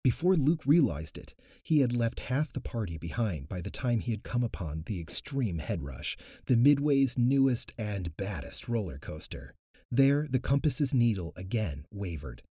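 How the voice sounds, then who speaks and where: A man narrating an audiobook in an expressive, animated way, close to the mic. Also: on the low side, normal speed, breathy edge, no room sound.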